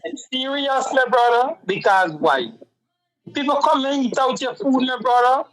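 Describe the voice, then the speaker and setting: A man's voice: very high-pitched, measured pace, fairly bright tone, poor audio. A man co-hosting a talk show, earnest and impassioned, always calling his partner "my brother.". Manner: earnest, keeps repeating "my brother". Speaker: co-host.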